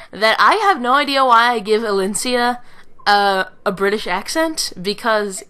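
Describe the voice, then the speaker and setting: A woman's voice: mid-range voice, sharp tone, poor audio. Brief: young woman commenting on her game play, chatty and wry. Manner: chatty, self-mocking. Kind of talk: casual gaming commentary.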